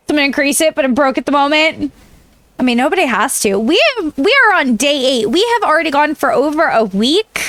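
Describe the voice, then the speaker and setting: High, chatty young woman streamer. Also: a bit bright. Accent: Southern Californian, trained down. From Southern California (San Diego). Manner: chatty and playfully dramatic, talking to chat. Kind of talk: casual live-stream chat.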